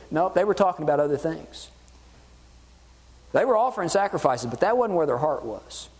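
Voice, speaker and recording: A man preaching a sermon, animated and acting out voices in the dialogue he quotes. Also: a little high, moderate pace, pauses often, big-room sound. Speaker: pastor.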